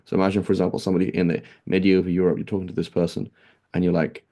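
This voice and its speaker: Gravelly low-voiced male teacher. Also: level tone, very fast, dark tone. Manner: conversational, many fillers and rhetorical "right?". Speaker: Islamic teacher. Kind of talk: casual classroom lecture.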